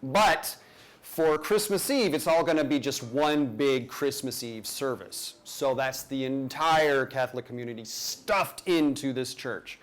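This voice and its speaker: A man's voice: mid-range voice, a little slow. Man telling a playful story live. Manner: conversational, self-deprecating, playful asides.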